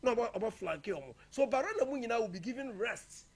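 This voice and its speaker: A man's voice: very high-pitched, lively intonation, fast, slightly rough. A man previewing football matches in a casual, emphatic way, slipping local-language phrases into his talk. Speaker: football pundit.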